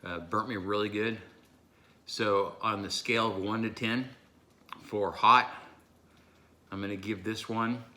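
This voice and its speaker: A man vlogging a hot sauce challenge, his voice strained and breathy, gasping and pausing as he recovers. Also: on the low side, steady tone, pushed and bright. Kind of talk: casual vlog talk to camera.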